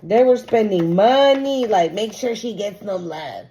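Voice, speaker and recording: A woman's voice: mid-range voice, animated, mellow, slight background noise. A woman doing a casual tarot reading for her viewers, emphatic and profane. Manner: emphatic, profane, slow and drawn out. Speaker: tarot reader.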